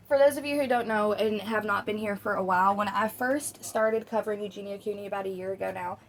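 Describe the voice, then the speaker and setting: A woman's voice: medium pitch, quick pace, a little hiss or hum. A woman hosting a casual commentary video, chatty and opinionated, talking straight to her viewers. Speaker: commentary host.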